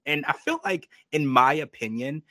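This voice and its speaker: A man hosting a podcast, chatting casually and giving his opinions while quoting people in quick asides. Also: fairly high pitch, lively intonation, bright, forceful tone, dry recording. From United States. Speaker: podcast host. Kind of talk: casual recap chat.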